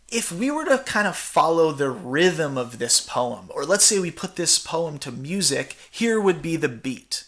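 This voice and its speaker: A male theatre teacher talks through a recorded slide lecture. His voice sits slightly on the high side, and his delivery is casual and chatty, full of fillers and asides. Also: very animated, unhurried, few pauses, fairly bright tone.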